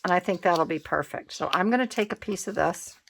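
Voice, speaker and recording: A woman's voice: fairly low pitch, fairly quick, creaky, background noise. A woman talking through her art journal crafting in a casual, thinking-aloud way, musing and changing her mind as she goes. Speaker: craft channel host. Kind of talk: casual craft tutorial narration.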